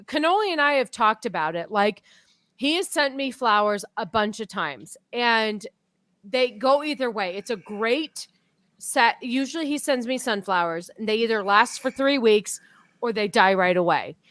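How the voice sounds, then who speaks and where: A woman's voice: a little high, lively intonation, moderate pace, a bit bright, no echo. A woman hosting a casual podcast chat, talking bluntly and swearing casually. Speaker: podcast host.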